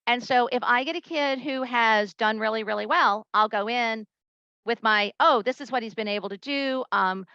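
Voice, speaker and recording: A woman presenting a conference talk to teachers, a lively storyteller who acts out the voices she quotes. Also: fairly high pitch, moderate pace, no echo, muffled recording.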